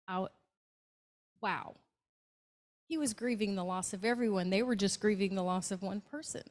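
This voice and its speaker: A woman's voice: mid-range voice, normal speed, long pauses. A woman with a Southern US accent gives a talk to a club meeting. She tells stories about her hospice patients in an easy, conversational way and acts out what each person said. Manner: warm anecdotal storytelling with acted quotes. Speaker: hospice nurse speaker. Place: meeting room, hybrid meeting.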